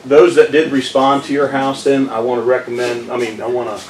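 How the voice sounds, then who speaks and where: A man speaking as county manager at a public meeting, measured and apologetic with frequent fillers. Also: medium pitch, flat delivery. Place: community meeting room. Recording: echoey room from far off, noisy.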